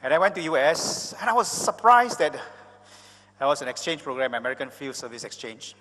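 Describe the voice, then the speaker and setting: A man's voice: on the high side, sing-song, a little fast, bright, forceful tone, a little hiss or hum. A middle-aged Malaysian man giving an emphatic, rousing conference talk with chatty asides, with a Malaysian English accent. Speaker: motivational speaker. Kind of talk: live conference presentation. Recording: reverberant conference hall.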